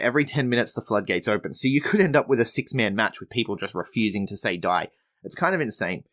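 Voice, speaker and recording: Man, low voice, wrestling podcast host, casual recap, chatty, restarts sentences. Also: fairly bright tone. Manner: chatty, frequent restarts, laughs at jokes.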